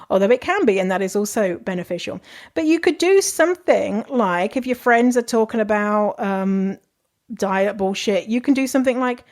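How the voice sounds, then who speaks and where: A woman's voice: a little high, lively intonation, moderate pace, a little mellow. A young adult woman hosting a podcast, giving casual advice in a candid, chatty way, swearing freely and laughing often. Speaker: podcast host.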